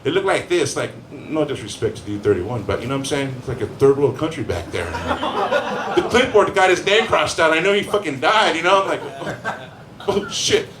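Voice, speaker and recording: With a crowd audible behind him, this stand-up comic spins crude, rambling tales and acts out the people in them. His voice is a little high and sing-song, fairly quick, and the live venue sounds echoey with faint ambience.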